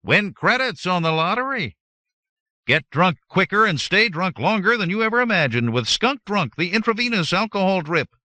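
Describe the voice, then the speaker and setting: Man doing a brash, high-pitched lottery ad machine. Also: sing-song, moderate pace, sharp tone, no room sound, full character voice. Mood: hard-selling. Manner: brash hard-sell pitch. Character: loud male lottery ad machine.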